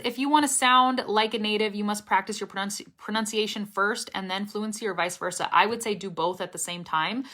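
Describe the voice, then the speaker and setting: A woman's voice: mid-range voice, bright, forceful tone. A young woman teaching English pronunciation, chatting upbeat on a live stream while reading viewer comments aloud.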